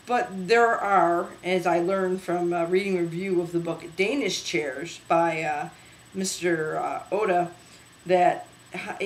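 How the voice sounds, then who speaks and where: A woman hosting a casual home video show about thrift finds, talking chattily with many pauses and fillers. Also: lowish voice, echoey room, slight background noise, low-quality recording. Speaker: host. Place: home room.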